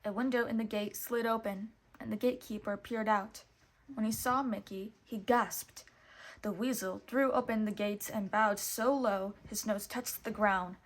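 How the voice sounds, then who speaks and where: A woman reading a picture book aloud, expressive and lively, putting on voices for the characters. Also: medium pitch, normal speed. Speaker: storybook reader.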